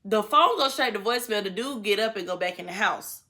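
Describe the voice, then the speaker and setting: A young woman telling a story to her viewers in an animated, slangy way. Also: medium pitch, fairly quick. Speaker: vlogger. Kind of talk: storytime vlog.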